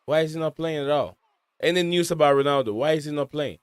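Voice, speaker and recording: A man's voice: fairly high pitch, fast talker, clean tone, no echo, clean studio sound. A man hosting a live watch-along, giving casual, rambling match commentary with lots of fillers and restarts.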